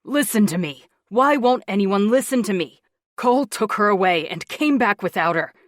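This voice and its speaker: A woman voicing a drugged, distraught young man who speaks loudly and pleads in confusion. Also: lowish voice, a little slow, no echo, clean studio sound. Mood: frantic.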